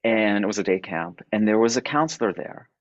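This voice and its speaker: A low-pitched man recounts his story in a halting, searching way, often repeating words before he finds them. The sound is dry and a little dull, like a modest mic with no room around it. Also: animated, dry recording. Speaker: podcast guest. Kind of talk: personal storytelling.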